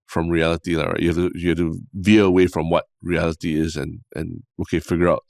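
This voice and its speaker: A man with a Singaporean accent co-hosting a podcast in casual chat, relaxed and chatty. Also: low voice, quick pace, vocal fry, no echo, clean studio sound. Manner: relaxed, chatty, ends phrases with "lah". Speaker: podcast co-host.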